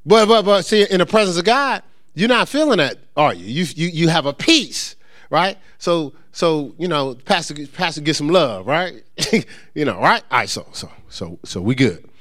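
A man preaching to his church in a relaxed, conversational way, full of asides and teasing. His voice sits on the high side and swings widely in pitch as he makes his points. He often restarts words and repeats himself on the way to a point. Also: normal speed. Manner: lively, joking asides to the congregation. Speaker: pastor. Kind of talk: conversational sermon.

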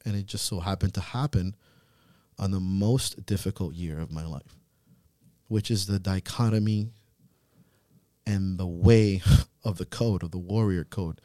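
Thirties male podcast host, earnest storyteller, low register, dry close mic. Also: warm tone, no room sound. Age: 30s. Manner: earnest, swears freely, halting restarts. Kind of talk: emotional personal storytelling. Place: podcast studio.

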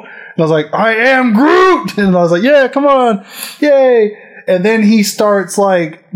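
Casual male talker with a somewhat high voice who gets loud and animated acting out scenes. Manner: animated storyteller, swears freely, acts out movie scenes. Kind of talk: casual chat.

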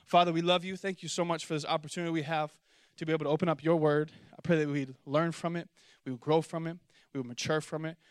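A young man preaching a sermon to his church, telling a comic story with playful, animated delivery and high excited voices when he quotes himself. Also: quick pace, smooth, no echo, clean studio sound. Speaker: pastor. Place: church auditorium with congregation.

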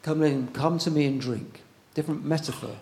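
A man preaching a sermon in a conversational way, pausing often and repeating words as he goes. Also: a little high, darkish tone.

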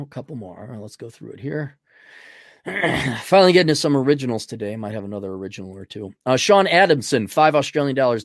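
A man hosting a podcast, reading out donor messages and answering them in blunt, crude, rambling talk that swings from loud outbursts to low muttering. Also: no room sound, clean studio sound. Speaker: podcast host. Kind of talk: livestream donation reading.

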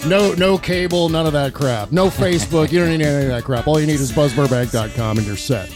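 A male podcast host with a voice pitched a bit high, talking casually about the news. He is sarcastic and slips into mocking impressions of people he quotes. Faint music sits behind him. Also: a little fast. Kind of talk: casual political talk.

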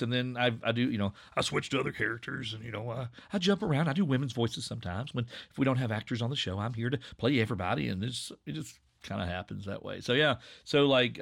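Gravelly Appalachian man, relaxed and rambling. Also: mid-range voice. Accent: Southwest Virginia Appalachian. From Southwest Virginia, USA. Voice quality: slightly nasal. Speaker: podcast creator and narrator. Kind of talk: casual conversation.

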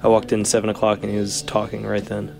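A young man with a New Jersey accent talks as a podcast guest, rambling with dry humor. His low voice has a gravelly edge. Faint music runs quietly behind him. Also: completely flat delivery, fast. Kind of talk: casual chat with a friend.

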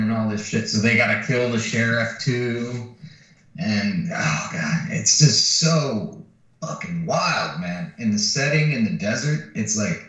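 A man's voice: mid-range voice, a little slow. A man co-hosting a podcast, casually retelling a film plot with lots of swearing and acted-out lines. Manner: animated retelling of a film plot, swearing freely, acting out quotes. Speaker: podcast co-host. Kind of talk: casual chat. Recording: far from the mic in a very echoey room, dull sound.

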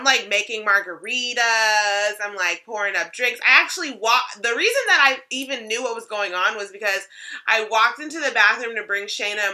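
A woman's voice: mid-range voice, bright, forceful tone. A woman co-hosting a casual chat, telling a story with lots of laughs and swearing.

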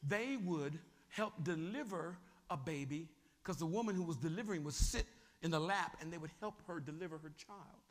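A man preaching a sermon as a bishop, animated and often asking the congregation whether they are still with him. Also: on the high side, in a large hall.

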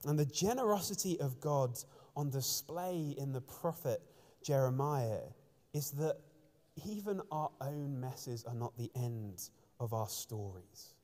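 Earnest preacher in a reverberant church. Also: male voice, medium pitch, lively intonation, measured pace, a little mellow. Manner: earnest, storytelling with restarts. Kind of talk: sermon.

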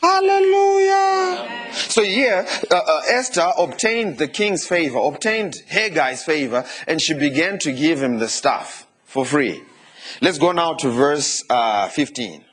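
A male pastor preaching a lively sermon, often turning to the congregation with asides and questions. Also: on the high side, unhurried, slightly rough.

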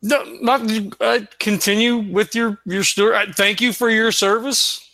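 A man's voice: high-pitched, fairly even intonation, normal speed, bright, forceful tone, no room sound. A man playing a tabletop game, talking in a hesitant, filler-heavy way. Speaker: player. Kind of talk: casual tabletop play.

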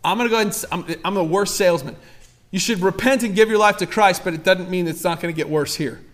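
A man's voice: sits high, fast talker. A male pastor delivering a sermon with impassioned, emphatic preaching and repeated exhortations.

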